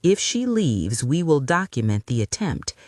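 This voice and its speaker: A storyteller voicing a lawyer who talks with firm softness, in a read-aloud drama story. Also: male voice, on the high side, very animated, unhurried, no room sound, studio quality. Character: lawyer, firm but soft-spoken man.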